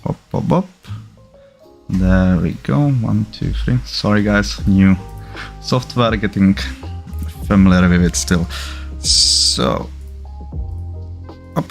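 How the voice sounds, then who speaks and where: A man from the Czech Republic hosting a casual livestream, chatty and halting, often stopping to correct himself. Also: sits low, creaky, faint music behind. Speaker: livestream host.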